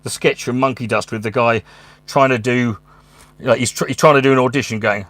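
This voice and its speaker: A stand-up comedian who also hosts a channel delivers a casual monologue from his room at home, rambling, swearing, and stopping and starting. His medium-pitched voice is steady, brisk, and slightly bright, on a dry recording.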